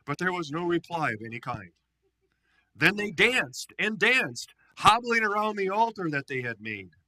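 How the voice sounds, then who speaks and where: Bright-voiced animated male pastor. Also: high voice, normal speed, rough recording. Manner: animated storytelling with playful asides. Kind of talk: sermon with scripture reading.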